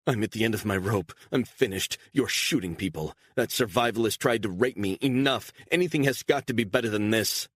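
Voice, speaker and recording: A man voicing a frightened, volatile woman on the run, pushing his deep voice high into a shrill, pleading tone. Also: lively intonation, fairly quick, hardly any pauses, husky, no echo, studio quality. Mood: furious.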